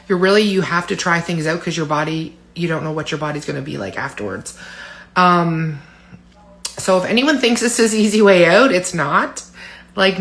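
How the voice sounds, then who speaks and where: A woman's voice: lowish voice, fairly bright tone. Candid, emotional woman in her forties. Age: 40s. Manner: candid and emotional, with frequent fillers and laughs. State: tearful at times. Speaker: vlogger. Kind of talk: personal vlog talking to camera.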